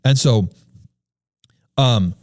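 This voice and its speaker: A man's voice: mid-range voice, drawn-out words, no echo, clean studio sound. A man co-hosting a church podcast, telling personal faith stories in an earnest, conversational way and often repeating his key phrases.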